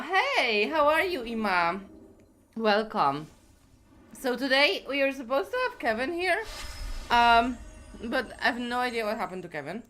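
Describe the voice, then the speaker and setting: A woman's voice: on the high side, a bit bright. A woman streaming a game live, chatting casually with viewers and greeting them by name while a little out of breath.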